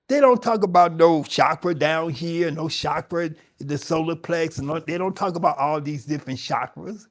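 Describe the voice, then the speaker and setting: A man's voice: a little high, moderate pace, few pauses. A middle-aged man teaching yoga, talking conversationally and emphatically to his audience, often restarting his sentences. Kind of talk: spoken talk to a yoga audience.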